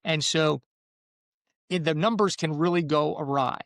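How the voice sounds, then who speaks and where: A man's voice: on the high side, a little slow, a bit bright, dry recording, clean studio sound. A man in the mortgage business explaining home deals in casual podcast chat, rambling with restarts. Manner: rambling, restarts, acts out buyer and seller quotes. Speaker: mortgage professional.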